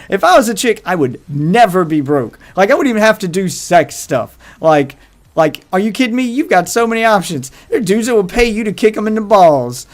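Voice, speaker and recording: A man hosting his livestream, telling crude rambling stories in casual chat with faint music behind him. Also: high voice. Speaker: livestream host.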